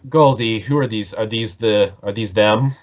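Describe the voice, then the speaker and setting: A man's voice: fairly low pitch, moderate pace, natural voice. A man voicing a tough woman gang boss on a ship who speaks curtly and commandingly. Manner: curt and commanding. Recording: dull lo-fi mic.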